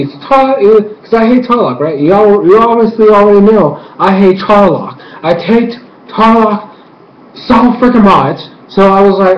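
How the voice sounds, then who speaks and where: A man's voice: high-pitched, animated, moderate pace. Hyped young man reviewing in an echoey room. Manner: hyped, rambling, acts out characters' lines. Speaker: YouTube reviewer. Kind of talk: excited casual episode review. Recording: echoey room, dull lo-fi mic.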